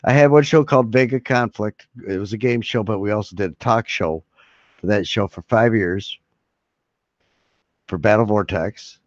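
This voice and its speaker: Here a man hosts a laid-back live stream, rambling and joking loosely as he talks. He has a lowish voice at a normal speed, and the recording is dry, with dull lo-fi stream sound.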